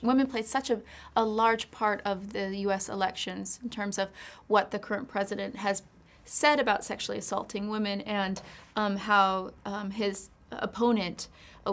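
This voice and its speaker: An actress being interviewed about her film, answering reflectively and at length in a candid way. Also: medium pitch. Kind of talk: press junket interview.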